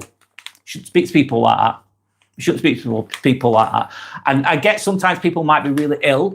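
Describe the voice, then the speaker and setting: Livestream host, male, slightly high voice, loose and rambling, leans on repetition. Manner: rambling, repeats words and phrases for emphasis. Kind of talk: casual livestream talk.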